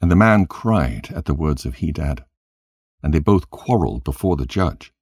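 A man narrating an old tale in a measured, solemn storytelling manner. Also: very deep voice, expressive, a little mellow, husky, dry recording, clean studio sound.

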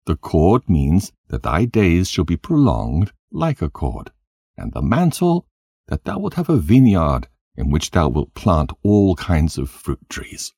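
A man's voice: deep voice, wildly swooping pitch, measured pace, dark tone, dry recording, clean studio sound, full character voice. A man doing a cunning, greedy old-time trickster. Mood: insistent. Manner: smooth-talking, insistent. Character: cunning, greedy male dream interpreter.

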